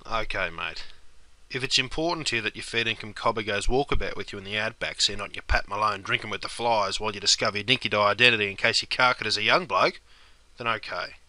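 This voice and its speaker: Bright-voiced Australian man teaching slang. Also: fairly low pitch, quick pace. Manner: chummy, slang-heavy, playful. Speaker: host teaching Aussie slang. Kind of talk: comic scripted lesson.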